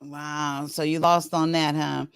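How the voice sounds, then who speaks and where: A woman's voice: low-pitched, flat delivery, slow pace, creaky, clean tone. A woman hosting a casual talk show, teasing and nosy as she presses her guests with questions. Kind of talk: casual interview chat.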